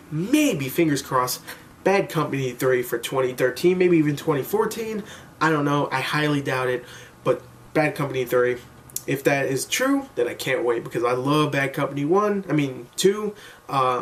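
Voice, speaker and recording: A man with a fairly high voice talks in a loose, rambling way, tired and poking fun at himself as he goes. He sits a little way back from the mic, so his voice comes through slightly distant. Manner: rambling, self-mocking, loose and chatty. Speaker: gaming video maker. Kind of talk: casual rambling predictions to camera.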